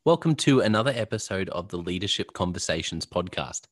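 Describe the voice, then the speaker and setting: A man's voice: low-pitched, expressive, a little fast, faint music behind. An Australian man hosting a leadership podcast, chatty and laughing often as he chats with a guest. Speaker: podcast host. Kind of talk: casual podcast interview.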